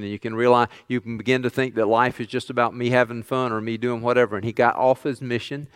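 Earnest pastor, smooth voice. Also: male voice, medium pitch, dry recording. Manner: storytelling, earnest, retelling others' words. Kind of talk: sermon.

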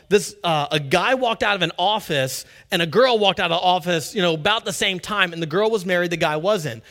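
A man preaching a sermon as pastor, conversational and animated, acting out little quotes. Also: high-pitched.

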